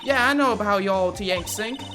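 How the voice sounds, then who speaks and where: Brash Southern gal, played by a woman streamer, loud folksy drawl, sassy, high-pitched, game music underneath. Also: moderate pace, close to an everyday voice. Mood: scolding. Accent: American Southern drawl, put on.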